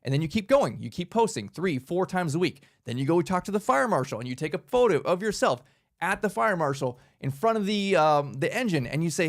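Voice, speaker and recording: A man's voice: high voice, brisk. Fired-up casual man coaching. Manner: energetic, casual, uses "man" and "right?" often. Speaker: workshop host. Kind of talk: motivational business talk.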